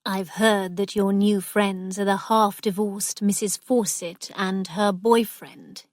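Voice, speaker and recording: A woman's voice: medium pitch, fairly even intonation, slow, no echo, studio quality, close to an everyday voice. A woman voicing a stern, angry middle-aged vicar who speaks coldly. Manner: stern and cold.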